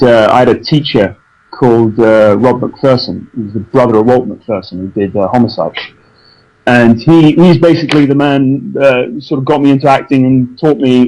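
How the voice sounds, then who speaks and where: A man's voice: medium pitch, a little mellow, poor audio. A man with an English accent, an actor chatting as an interview guest, self-deprecating and prone to restarts. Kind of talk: casual interview chat.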